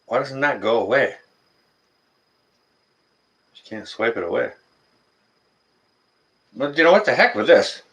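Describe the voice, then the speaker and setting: A man's voice: mid-range voice, animated, unhurried, long pauses, fairly bright tone. A middle-aged man, hosting a casual live stream, reading the chat and answering viewers by name in a folksy, teasing way.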